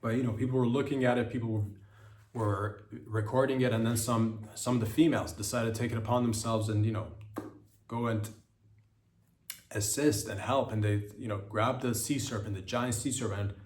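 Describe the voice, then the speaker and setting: A man's voice: mid-range voice, normal speed. Rambling man in an echoey room. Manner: rambling, repeats himself, lots of fillers; animated mock quotes and exclamations. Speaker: podcast host. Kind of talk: solo comedic monologue.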